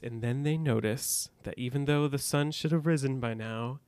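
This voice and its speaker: Podcast co-host, male, smooth clear voice, dry close sound, casual recaps. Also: medium pitch, normal speed, hardly any pauses, a little mellow, no room sound. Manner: recounts scenes, reading out dialogue with some drama.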